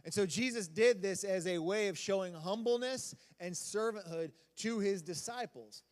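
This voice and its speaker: A man with a high voice preaches in a casual, rambling way, chatting and joking with the crowd. His words ring out with a long reverb from the church hall around him. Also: normal speed. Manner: casual, rambling delivery with audience banter. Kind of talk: sermon.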